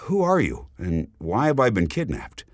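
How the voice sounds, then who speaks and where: A man's voice: on the low side, wildly swooping pitch, moderate pace, no room sound, clean studio sound, pitched above the performer's own voice. A man voicing a guarded, skeptical businessman who has been taken captive, answering tersely. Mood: wary.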